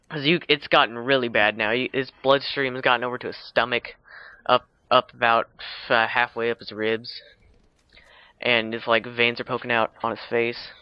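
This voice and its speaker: A man's voice: mid-range voice, bright, forceful tone, smooth, muffled recording. A man casually retelling a film's plot for a video, rambling with lots of fillers and restarts, with teasing asides. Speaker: video blogger.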